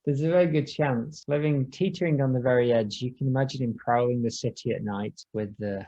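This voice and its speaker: A man co-hosting a podcast, chatting casually and reading out scene descriptions in a dry, deadpan way. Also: mid-range voice, brisk, muffled recording. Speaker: podcast co-host.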